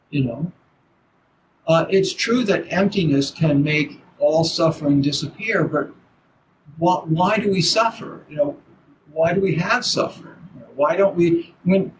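An older man teaching Zen in a halting dharma talk, full of restarts and "you know"s. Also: fairly high pitch. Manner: halting, repeats words, many "you know"s. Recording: noisy background.

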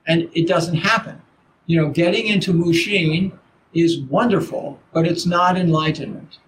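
An older man teaching Zen in a halting dharma talk, full of restarts and "you know"s. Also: fairly high pitch, a bit bright. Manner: halting, repeats words, many "you know"s. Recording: noisy background.

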